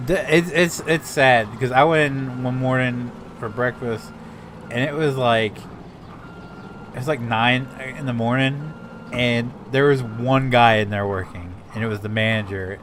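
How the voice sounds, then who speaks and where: A man telling a story in casual chat between games, halting and repeating his words. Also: mid-range voice, a bit bright, slight background noise. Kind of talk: casual chat while gaming.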